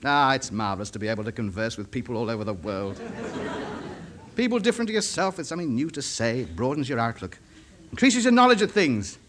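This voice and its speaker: A man's voice: medium pitch, sing-song, fast talker, lightly acted. An actor playing a lonely, self-important middle-aged radio ham. He mutters to himself and chats pompously in a 1950s radio comedy. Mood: musing. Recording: hissy old broadcast recording.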